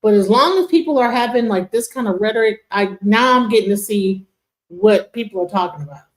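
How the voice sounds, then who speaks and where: A woman hosts a casual livestream panel at a mid pitch. Her talk is loose and full of fillers. An echoey room surrounds her voice. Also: lively intonation, brisk. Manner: conversational, with many fillers.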